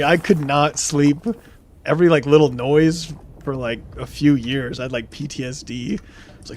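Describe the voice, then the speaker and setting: A man's voice: on the high side, steady tone, moderate pace, slight background noise. A young man streaming, telling a story casually and reading chat comments aloud, laughing now and then.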